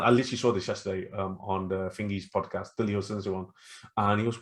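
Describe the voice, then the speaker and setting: A man co-hosting a casual podcast, retelling stories with lively acted-out quotes. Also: fairly low pitch, fairly quick. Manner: animated storytelling, acts out quotes. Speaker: podcast co-host. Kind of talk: casual chat.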